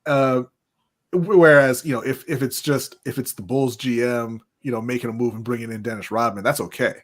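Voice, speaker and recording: A man of middling pitch lays out his argument in a relaxed, measured way, filling pauses with "you know". It sounds like a casual panel debate among friends. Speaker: podcast co-host.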